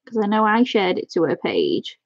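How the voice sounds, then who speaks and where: A woman chatting excitedly on a live stream, gushing and thanking her viewers by name. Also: mid-range voice, normal speed, no echo, dull audio. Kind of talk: casual live-stream chat.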